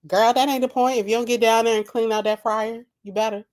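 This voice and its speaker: A woman's voice: fairly high pitch, a little fast, darkish tone. A woman streaming live at night and making mocking, rambling, profane comments about a video while she laughs at her own jokes.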